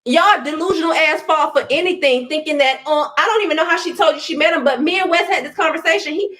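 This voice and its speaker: A woman's voice: high-pitched, fast. A woman ranting on a live stream, combative and profane, firing off mocking insults. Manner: profane, combative, loud bursts of mockery. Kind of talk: angry live-stream rant.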